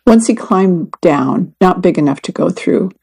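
A woman reading a first-person magazine story and article aloud in an even, measured way. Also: lowish voice, creaky, breathy edge, low-quality recording. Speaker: reader. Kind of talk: scripted narration of a magazine story.

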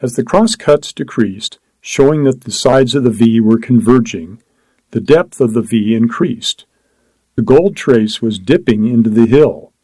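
A man narrating a story aloud in a measured, descriptive reading. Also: medium pitch, warm tone, dry recording, low-quality recording. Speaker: audiobook narrator. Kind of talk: scripted narration.

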